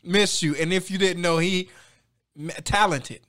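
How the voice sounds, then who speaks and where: High, smooth-voiced man speaking casually. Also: a little slow. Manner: warm, loose slang. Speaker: vlogger paying tribute. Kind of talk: casual tribute.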